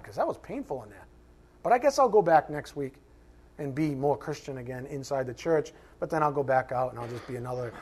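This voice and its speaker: A man preaching a sermon as pastor, conversational and self-mocking, animated and joking, sometimes shouting. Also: mid-range voice.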